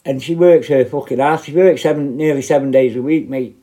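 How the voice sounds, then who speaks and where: A man's voice: medium pitch, a little fast, mellow. A middle-aged man, a former prison officer, ranting bluntly and confrontationally straight to camera, full of swearing. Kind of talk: angry direct-to-camera rant.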